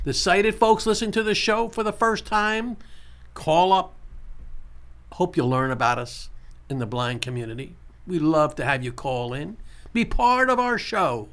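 A male radio talk show host with a bright, forceful edge and a high, very lively voice. He chats casually, repeats himself for emphasis and spells out details slowly for callers. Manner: lively, repeats key points, slows down to spell out numbers.

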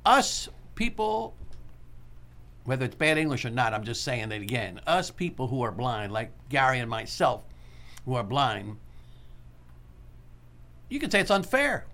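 A man hosting a call-in radio talk show, talking in an earnest, motivational way and repeating key points slowly. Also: medium pitch, very animated, bright, forceful tone.

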